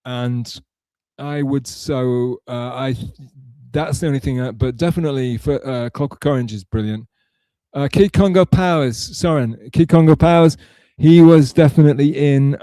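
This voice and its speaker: Mellow-voiced man chatting on a livestream. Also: mid-range voice, no room sound. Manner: rambling, answers chat messages aloud. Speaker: livestream host reading chat. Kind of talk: casual live-stream chat.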